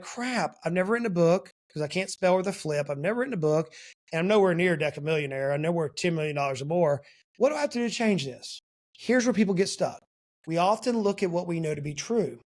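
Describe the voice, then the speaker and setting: A fast-talking Southern man with a high, bright-edged voice tells folksy stories as a podcast guest. He's in his forties and talks with lively, animated energy. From South Georgia, US. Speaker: guest, business strategist. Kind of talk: storytelling podcast interview.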